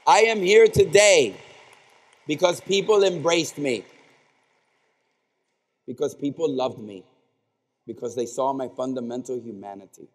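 A man delivers a stirring graduation address, building his points through rhetorical repetition. His mid-pitched voice carries through a podium microphone, and a long reverb trails each phrase in the big arena. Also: darkish tone. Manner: impassioned oratory with rhetorical repetition. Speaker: commencement speaker. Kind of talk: commencement speech. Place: large indoor arena at a graduation ceremony.

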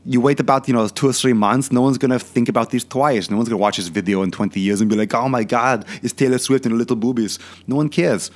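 Speaking quickly with hardly any pauses, a fitness channel host impersonates a crude, boastful older Austrian bodybuilder turned film star, using a heavy fake accent. The comedic rant is full of repetitive filler questions, while his mid-range voice stays close to an everyday one.

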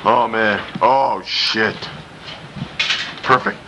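A man doing profane, excited play-by-play of a backyard wrestling match while filming it, gasping and laughing. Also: medium pitch, slow pace, background noise. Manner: swears often, loud gasps and laughs. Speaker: backyard wrestling commentator and cameraman.

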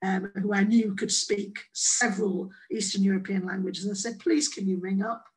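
An English woman giving a conference presentation, playful and lively, acting out the quoted voices in her examples. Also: mid-range voice, moderate pace, low-quality recording. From England. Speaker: conference speaker.

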